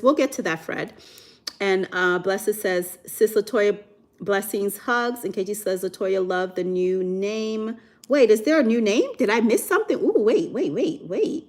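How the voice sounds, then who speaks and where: Young woman from Nigeria, livestream host; chatty, animated, reads chat aloud. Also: lowish voice. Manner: chatty, reads out viewer comments, animated reactions. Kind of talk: casual livestream chat, reading comments aloud.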